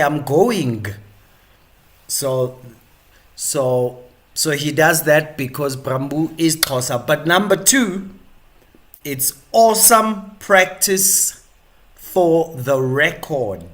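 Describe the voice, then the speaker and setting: A male live-stream host giving chatty, rambling commentary with many fillers and restarts. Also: mid-range voice.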